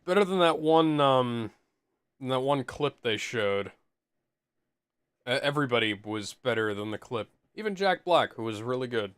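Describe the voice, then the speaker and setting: A man chatting casually as a co-host, giving easygoing, offhand opinions. His voice is smooth and resonant, and it sounds dry and close to the mic. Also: mid-range voice, expressive, measured pace, fairly bright tone, no room sound. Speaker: co-host of a movie riffing show. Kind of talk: casual chat.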